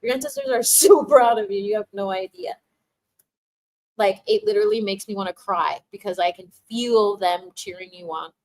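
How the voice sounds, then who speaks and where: A young adult woman chats through a spiritual livestream, reading viewer comments aloud and offering tarot guidance. She laughs often and gushes with emotional encouragement, her voice sitting at an ordinary middle pitch. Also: big pitch swings, normal speed, gravelly, low-quality recording.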